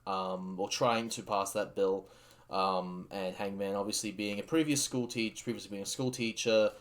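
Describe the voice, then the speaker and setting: A man hosting a casual wrestling recap, excitable and rambling with many fillers and restarts. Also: on the low side, moderate pace. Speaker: podcast host reviewing a wrestling show.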